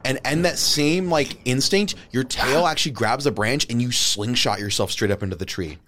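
A man running a tabletop game as game master, narrating with animated storytelling that swings between hushed and loud. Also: mid-range voice, moderate pace.

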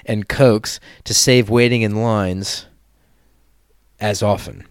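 A man's voice: fairly low pitch, steady tone, slow pace, no room sound, studio quality. A man hosting a casual podcast, reading a listener's story aloud with laughing, crude asides.

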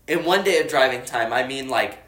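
A man from the United States co-hosts a casual podcast chat, telling stories in an animated way and slipping into the voices of the people he quotes. His pitch sits in the middle, and the echoey room rings around him. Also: a little fast. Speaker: podcast co-host.

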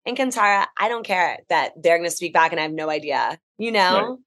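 An American woman, a travel writer guesting on a podcast, telling stories in a chatty, animated, enthusiastic way. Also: deep voice, a little fast. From United States. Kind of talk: casual podcast chat.

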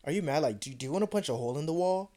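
A young man co-hosting a podcast, telling a personal story in a casual, profane and animated way and acting out the other voices. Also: on the high side, racing. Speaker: podcast co-host.

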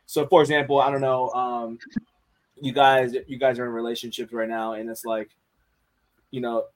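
A man's voice: mid-range voice, level tone, moderate pace, poor audio. A man chatting candidly on a podcast, swearing freely and restarting his sentences as he thinks. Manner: candid and profane, repeats words while thinking. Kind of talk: casual podcast chat.

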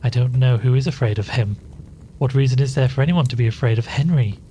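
Strict sharp-tongued sister, read by a guy, stiff and scolding, plain middle voice. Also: medium pitch, fast, a little hiss or hum, lightly acted. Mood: stern. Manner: stiff, admonishing. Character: stern, sharp, suspicious woman, elder sister. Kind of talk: read-aloud storytelling.

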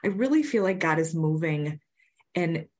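Heartfelt woman host with a lowish voice. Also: lively intonation, normal speed. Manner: heartfelt, reacts with soft exclamations. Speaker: podcast host. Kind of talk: casual faith talk.

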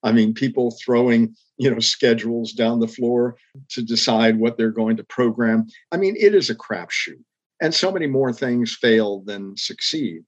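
An older man recounting his career in an interview, his voice a little husky at mid pitch. He speaks earnestly and reflectively, lifting into emphatic rises. The recording sounds slightly muffled and lo-fi. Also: moderate pace. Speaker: interview guest, former public TV executive. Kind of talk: storytelling interview.

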